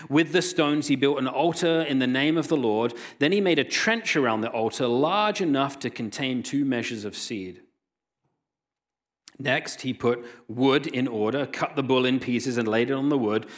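A man delivering a sermon in a mid-range voice. He moves between retelling a scripture story with animated quoted lines and reading the passage aloud. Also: mid-range voice, normal speed. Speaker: pastor.

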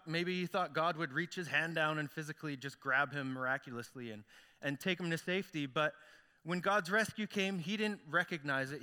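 A man's voice: on the high side, pushed and bright, clear, resonant tone, in a large hall. A man preaching as a pastor, telling a story in a casual, conversational way. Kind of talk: sermon.

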